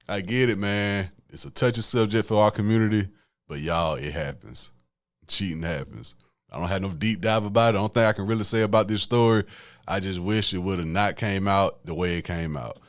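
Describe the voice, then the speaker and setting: A man, hosting a solo podcast and talking casually to his listeners as y'all in a preachy, conversational way. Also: low voice. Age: late 20s. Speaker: podcast host.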